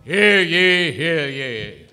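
A pompous court crier in a radio play. He proclaims at a very slow, ceremonial pace in a high, bright voice, and his words echo in a long reverb. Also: big pitch swings, over music, exaggerated voice. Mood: proclaiming. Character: pompous court crier, formal male official. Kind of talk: rhymed radio play acting.

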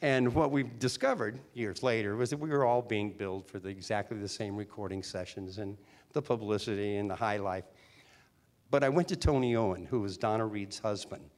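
A man in his sixties, a former teen singer and actor, telling animated anecdotes as an interview guest. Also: lowish voice, brisk. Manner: chatty, animated, with restarts. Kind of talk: storytelling interview talk.

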